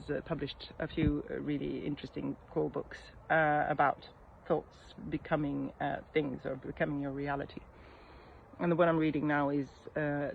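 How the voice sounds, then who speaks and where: A middle-aged woman talks through a coaching lesson in a reflective, unhurried way, often pausing on soft fillers. The recording sounds a little muffled. A faint noise sits underneath. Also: low voice, gravelly. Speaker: mindset coach. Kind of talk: casual coaching talk.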